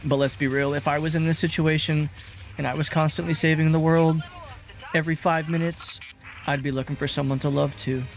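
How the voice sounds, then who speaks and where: A man's voice: a little high, little pitch movement, brisk, gravelly. A man streaming a game, chatting casually in a rambling, self-mocking way and swearing freely. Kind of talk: casual gaming commentary.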